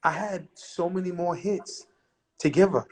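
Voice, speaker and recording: A middle-aged man recounts an old story as an interview guest. His voice sits a little high, and he talks in a brash, profane, animated way, acting out the other people's lines. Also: unhurried, a loud crowd, rough recording.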